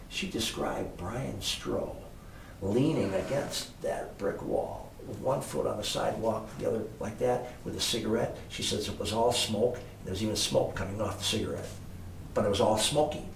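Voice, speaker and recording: In a relaxed storytelling interview, an older man, formerly a motel owner, rambles through anecdotes with lots of fillers. His voice sits on the low side with vocal fry, and the echoey room, distant mic, and faint hiss color the recording.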